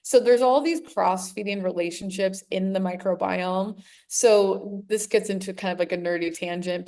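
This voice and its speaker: A woman's voice: mid-range voice, darkish tone. American woman explaining with enthusiasm. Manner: enthusiastic, explanatory, nerdy asides. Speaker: interview guest, clinician. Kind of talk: conversational expert explanation.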